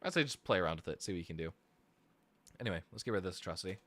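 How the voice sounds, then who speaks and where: A man's voice: low voice, expressive, very fast, fairly bright tone, no room sound. Man, casual live stream chat, rambling, self-deprecating, sleep deprived, dry close sound. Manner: rambling, self-deprecating, thinks aloud while searching. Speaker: streamer and musician.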